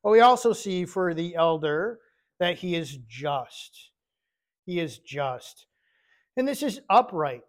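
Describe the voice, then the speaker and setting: A man teaching a casual Bible study, talking conversationally, often pausing on fillers and repeating key words. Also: high-pitched.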